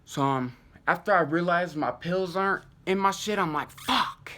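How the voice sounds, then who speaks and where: A young man recounts a personal misadventure in loose, slangy talk, swearing freely and tossing in asides. His voice sits a touch high and rings bright and punchy. The delivery is animated and peppered with fillers. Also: normal speed. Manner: profane slang-heavy, animated, many fillers. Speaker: channel host telling a personal story. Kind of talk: casual storytelling to camera.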